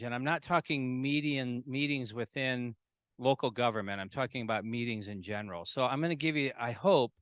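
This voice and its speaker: A male presenter speaking in a measured, calm way, pausing on um's. His voice is smooth and resonant, at a middle pitch, with a dry, close sound. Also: no echo. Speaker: trainer. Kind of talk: presentation talk. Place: large ballroom with a live audience.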